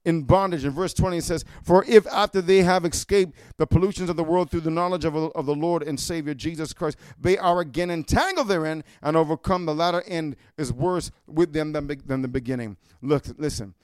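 High-voiced man preaching a fiery sermon. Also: a little fast, few pauses, smooth, no room sound, clean studio sound. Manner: punctuates with "amen?", builds to shouting.

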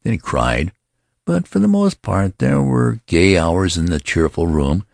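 A man reading a story aloud as narrator, with expressive storytelling. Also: sits low, unhurried, creaky, no room sound, clean studio sound. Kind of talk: scripted audiobook narration.

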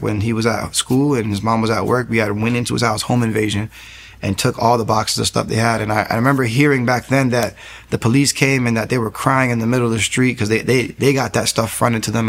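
Earnest gravelly-voiced man telling his story. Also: fairly low pitch, little pitch movement. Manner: earnest, rapid storytelling with restarts. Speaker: guest giving a faith testimony. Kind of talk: personal testimony storytelling.

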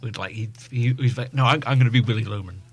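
A man's voice: mid-range voice, quick pace, breathy edge. A British man, a radio co-host, chatting casually about books and school. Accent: British English. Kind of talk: casual chat.

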